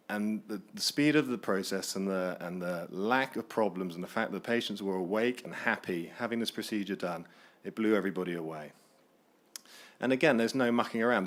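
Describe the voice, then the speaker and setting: A man with a fairly low voice argues his case in a conference debate. He is energetic and persuasive, with punchy questions and answers. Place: conference hall.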